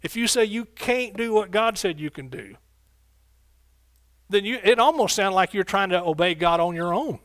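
A man's voice: high voice, lively intonation, moderate pace, a bit bright, no echo. Fervent preacher man, dry sound. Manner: fervent, call-and-response preaching with exclamations. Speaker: pastor. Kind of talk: sermon. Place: church sanctuary.

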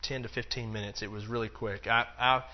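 A man's voice: on the low side, steady tone, a little fast, muffled recording. A man teaching a Bible lesson in a loose, conversational way, acting out the quotes and dropping in plenty of fillers. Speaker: preacher.

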